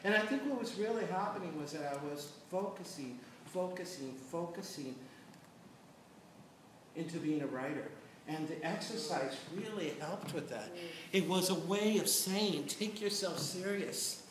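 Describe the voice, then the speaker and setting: A middle-aged man on a panel, telling stories in an animated, chatty way and checking in with "right?". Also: a little high, moderate pace. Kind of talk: storytelling on a panel. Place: large echoey hall at a panel event. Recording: echoey hall from far off, noisy.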